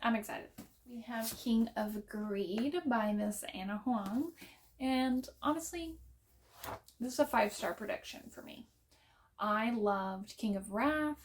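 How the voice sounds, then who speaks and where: A young woman talks casually about books she plans to read, her voice sitting a little high. She takes her time and drops in playful, self-deprecating jokes. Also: slow pace, slight background noise. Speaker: book vlogger. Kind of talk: casual to-camera book chat.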